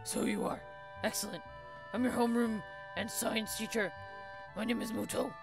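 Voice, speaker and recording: A gruff, hurried male science teacher from a visual novel, as a woman puts him on. She forces a deep, growling hero-style voice over her naturally higher one. Game music plays clearly behind her. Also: fairly even intonation. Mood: formal. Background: game background music.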